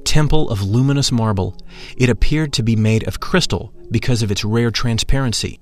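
A man reading a first-person story aloud in a measured, reverent way. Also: mid-range voice. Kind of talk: scripted narration. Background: faint music.

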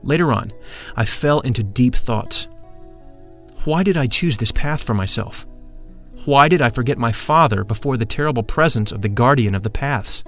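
Man, narrator, solemn, measured, mid-pitched, faint background music. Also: animated, fairly bright tone. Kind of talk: scripted esoteric narration.

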